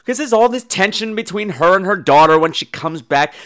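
A man's voice: high-pitched, animated, a little fast, fairly bright tone. A man hosting a podcast, giving a casual comedic movie review in a campy, profane storytelling manner. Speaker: podcast host, film reviewer.

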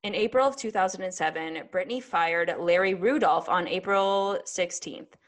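A woman's voice: fairly low pitch, moderate pace. Sassy swearing woman podcast host. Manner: sassy, swears freely, animated storytelling. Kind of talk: casual chat.

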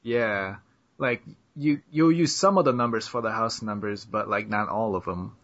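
A man's voice: on the low side, moderate pace, a bit bright. A young man hosting a podcast, chatting loosely and joking around with his co-host. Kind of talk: casual chat. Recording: slightly muffled lo-fi audio.

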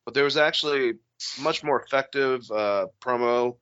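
A man's voice: mid-range voice, normal speed, fairly bright tone, clear, resonant tone, dry recording, lo-fi sound. A man co-hosting a podcast in casual, profane, jokey chat, slipping into goofy impressions. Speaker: podcast co-host.

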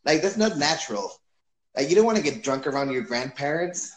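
A man from Chile hosting a casual chat, easygoing and quick to laugh. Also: on the high side, very animated. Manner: easygoing, laughs often, asks questions. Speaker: podcast host. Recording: echoey room.

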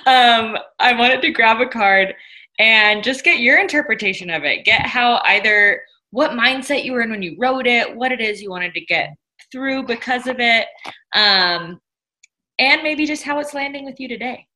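A woman's voice: a little high, normal speed, bright, forceful tone, poor audio. A woman hosting a casual interview, chatty and enthusiastic, laughing easily. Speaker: podcast host.

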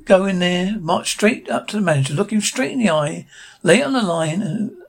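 A fan reader voicing an eager, excitable young male sea sponge in a homemade cartoon retelling. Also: medium pitch. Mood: nervous. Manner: excited, repeats himself rapidly.

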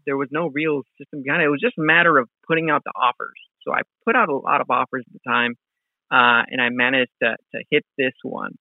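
A man's voice: mid-range voice, fairly even intonation, fast talker, no echo. Man telling a story over a tinny line. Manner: rambling, many fillers and restarts. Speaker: guest, real estate wholesaler. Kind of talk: casual storytelling interview. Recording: tinny phone-like sound.

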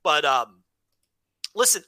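Bright-voiced man chatting on a podcast. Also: on the high side, takes it slowly, dry recording. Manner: rambling, animated, profane, frequent restarts. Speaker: podcast co-host. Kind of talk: casual podcast chat.

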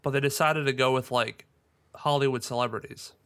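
A man with a bright, clear voice co-hosting a podcast. He talks in loose, rambling casual chat, full of fillers, and keeps laughing at the jokes. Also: mid-range voice, steady tone, a little fast. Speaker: podcast co-host.

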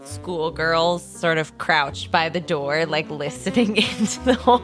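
A woman's voice: low voice, lively intonation, measured pace, soft background music. A woman playing a tabletop role-playing game, chatting casually about her character. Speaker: player.

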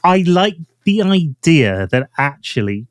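A man's voice: fairly high pitch, big pitch swings, a little slow, smooth, no echo. Man thinking aloud. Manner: thinks aloud with restarts, trails off softly. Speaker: podcast co-host. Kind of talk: casual chat.

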